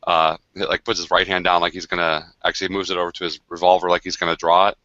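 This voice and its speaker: A man's voice: sits low, little pitch movement, quick pace, pushed and bright, dry recording, muffled recording. A man casually recounting a tabletop game session on a video call, rambling with many fillers and restarts. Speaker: game designer on a livestream.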